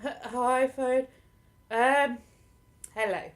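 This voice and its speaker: A livestream host from southern England, with an accent partly tinged by Lincolnshire, chats casually while answering viewer comments. Her voice is high and steady, she speaks extremely slowly, and she's self-deprecating and laughs often.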